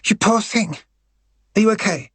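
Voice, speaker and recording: A man voicing a young woman trainee reporter who is blunt, brisk and dotes on the office dog. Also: sits high, fairly bright tone, husky, dry recording, pitched above the performer's own voice, full character voice. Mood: doting. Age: young adult. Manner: brisk, snappish, fussing over the dog.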